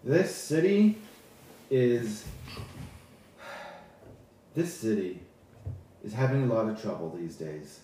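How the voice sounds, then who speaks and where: A man voicing a pompous male high elf paladin who runs a school, speechifying and sternly scolding interruptions. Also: wildly swooping pitch, slow, long pauses, warm tone, slight background noise, full character voice. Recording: echoey room from far off.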